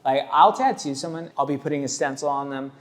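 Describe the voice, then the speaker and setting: A man's voice: medium pitch, a little fast. A man who works as a tattoo artist, giving casual reaction commentary in a blunt, rambling way, full of "like" and "dude".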